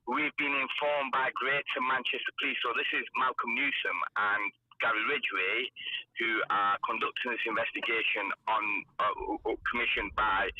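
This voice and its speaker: A man calling in by phone, speaking haltingly with many fillers and restarts. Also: on the low side, bright, forceful tone. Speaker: phone-in caller. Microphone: phone call. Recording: muffled phone line with faint hiss.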